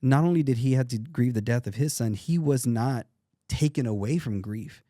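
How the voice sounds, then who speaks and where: A man's voice: medium pitch, normal speed, dark tone, no room sound, studio quality. A man in his thirties, a podcast guest, talking earnestly and reflectively, often restarting his sentences. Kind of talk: casual interview talk.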